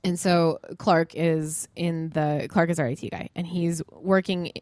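A woman co-hosting a podcast, telling stories in casual chat with animated delivery, frequent swearing and laughter. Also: low voice, a little slow, dry recording, clean studio sound. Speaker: podcast co-host.

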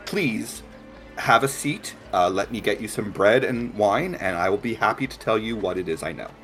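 A man voicing a polite, burn-scarred blind assistant who speaks gently and stammers often. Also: lowish voice, lively intonation, normal speed, faint music behind. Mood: courteous.

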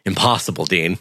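A man with a bright, forward voice and a very animated pitch co-hosts a casual movie podcast. He jokes sarcastically and laughs easily, with a dry, close recording. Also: no room sound. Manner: playful, sarcastic, laughs often. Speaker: podcast co-host. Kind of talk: casual movie commentary chat.

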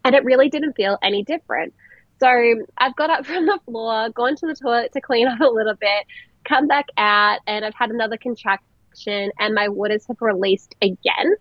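A young woman telling a personal story in a chatty, animated way, laughing often and using many "like" fillers. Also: on the high side, moderate pace, no room sound. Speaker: vlogger telling her birth story. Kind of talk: casual storytelling. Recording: dull lo-fi, dry sound.

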